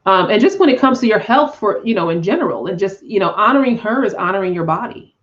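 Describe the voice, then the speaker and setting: A woman's voice: medium pitch, lively intonation, quick pace, lo-fi sound. A woman hosting a live tarot reading, talking in an effusive, emotional, spiritual way with frequent laughs and sighs.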